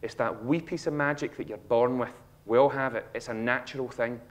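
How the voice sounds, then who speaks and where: Lively Scottish man giving a stage talk. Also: mid-range voice, fairly quick. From Scotland. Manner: animated storytelling, acts out a child's lines. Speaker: speaker. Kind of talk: humorous motivational talk. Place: auditorium stage.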